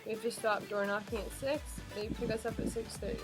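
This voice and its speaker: A woman's voice: fairly high pitch, little pitch movement, a little fast, over music. A young woman casually and earnestly explaining what happened, talking to camera for a vlog. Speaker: vlogger.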